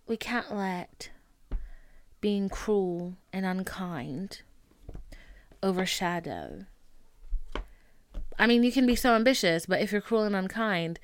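A woman's voice: mid-range voice, animated, a little slow, long pauses, slight background noise. A woman in her twenties hosting a podcast in casual chat, chatty, full of "like" and casual swearing, into a studio mic. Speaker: podcast host.

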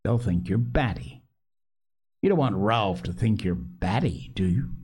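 A man's voice: lowish voice, lively intonation, unhurried, darkish tone, slightly rough. A man voicing the Lord of the Flies, a taunting pig's head. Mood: menacing. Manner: taunting, schoolmasterly condescension. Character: menacing talking pig's head, mocking and sly. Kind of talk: audiobook reading.

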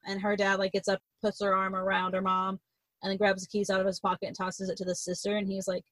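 A woman's voice: mid-range voice, monotone, fast, a bit bright, no echo, poor audio. A young woman in casual chat, retelling a novel's plot in a rambling way, swearing freely and acting out the characters' lines.

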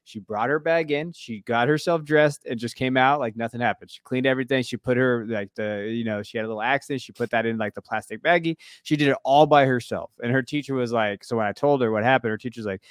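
A man's voice: medium pitch, fast talker, few pauses, smooth, no echo, clean studio sound. A man in his thirties, a tired podcast co-host, chatting casually and rambling with lots of fillers and offhand swearing.

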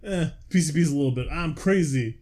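Man, podcast co-host, halting delivery, lots of fillers, dry humor. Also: fairly high pitch, warm tone. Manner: rambling, hesitant with many "uh" fillers, dry humor. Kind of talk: casual comedic podcast banter.

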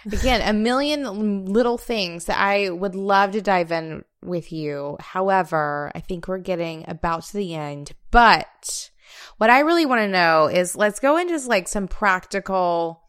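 A woman's voice: mid-range voice, expressive, a little slow, fairly bright tone, smooth. A woman hosting a podcast, casually steering the talk toward questions. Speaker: podcast host. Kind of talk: casual chat.

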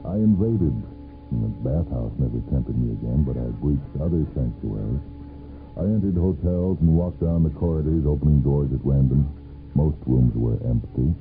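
A man narrating a first-person story for radio, with a measured, brooding delivery and long pauses. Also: very deep voice, animated. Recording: lo-fi narrow-band 1970s radio recording with faint music.

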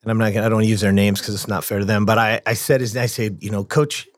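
A man's voice: on the low side, fairly even intonation, very fast, no room sound. A man guest on a podcast, telling a personal story in a casual, earnest way with frequent restarts.

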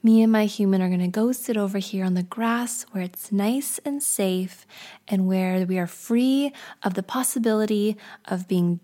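Lady doing a nervous panicky guy called fear, whispered role-play, mellow and soft. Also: medium pitch, lightly acted. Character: panicking sweaty male Fear, anxious.

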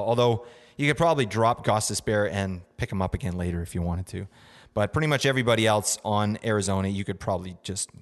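A man's voice: on the low side, long reverb tail. A young man hosting a casual fantasy sports podcast, rambling with lots of fillers and asking "right?" often. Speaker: podcast host. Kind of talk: casual fantasy hockey advice.

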